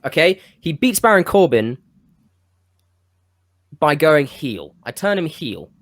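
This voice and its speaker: A man co-hosting a podcast, pitching a wrestling storyline in casual chat, rambling and losing his thread now and then. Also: very animated, slow pace. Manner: rambling, self-interrupting, with bursts of enthusiasm. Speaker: podcast co-host.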